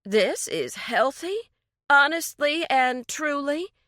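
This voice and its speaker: A woman's voice: high-pitched, animated, slow, bright, forceful tone, dry recording, clean studio sound, pitched above the performer's own voice, heavily acted. A woman voicing Jillian, a prim woman who scolds her friends in a mock-stern way and weighs things carefully.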